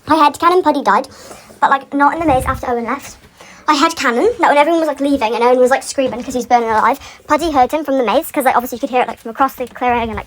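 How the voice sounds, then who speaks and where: Woman, high voice, casual fan rant, rambles off on tangents and laughs often, faint background hiss. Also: poor audio. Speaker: fan commentator.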